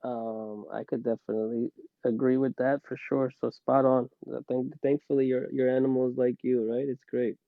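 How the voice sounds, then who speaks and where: A man's voice: mid-range voice, flat delivery, normal speed, no room sound. A man guest on a casual podcast, rambling with many restarts and laughing as he talks. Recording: dull, dry, lo-fi sound.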